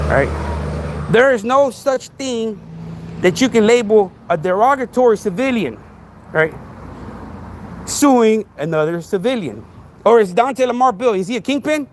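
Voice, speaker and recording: A man hosting a podcast, ranting in a casual monologue full of sarcastic, mock-frightened rhetorical questions and street slang. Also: high voice. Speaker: podcast host.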